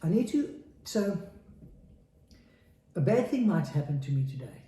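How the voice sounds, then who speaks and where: A man's voice: a little high, big pitch swings, a little slow, warm tone, roomy sound. A man in his forties, a podcast guest, speaking candidly and earnestly and repeating phrases for emphasis. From South Africa. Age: 40s. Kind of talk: candid interview talk.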